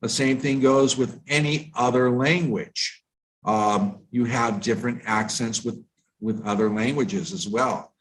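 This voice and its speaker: A man from the United States giving a live online lesson on pronunciation, explaining in a measured way with frequent fillers and restarts. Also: medium pitch, rough recording. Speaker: IELTS tutor.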